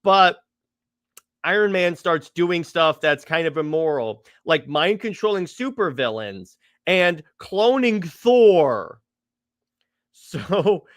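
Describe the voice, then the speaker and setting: Excitable man with a dry close sound. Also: on the high side, slow, dry recording. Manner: excited retelling, stammers and restarts, acts out quotes. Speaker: podcast co-host. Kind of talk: casual comics chat.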